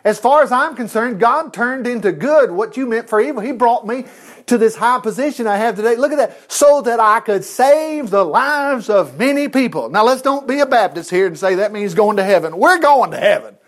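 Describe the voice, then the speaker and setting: A man's voice: very high voice, animated, normal speed. A man preaching a sermon, reading scripture aloud and breaking in with folksy, laughing asides and acted-out voices.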